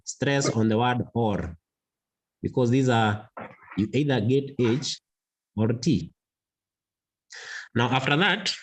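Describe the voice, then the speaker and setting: A man teaching a mathematics lesson, slow and deliberate, repeating key words for emphasis. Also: mid-range voice, slightly rough, rough recording. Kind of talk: classroom lesson.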